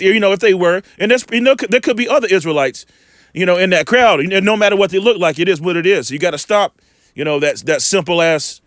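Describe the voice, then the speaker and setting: A man giving informal scripture commentary, emphatic and colloquial, slowing right down when he reads verses aloud. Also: high voice, a bit bright, dry recording, studio quality. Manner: emphatic, colloquial, drawn-out slow scripture reading. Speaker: preacher commenting on video clips.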